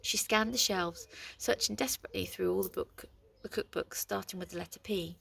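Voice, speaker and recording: A woman reading a storybook aloud in a lively, expressive way. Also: medium pitch, brisk, creaky, husky.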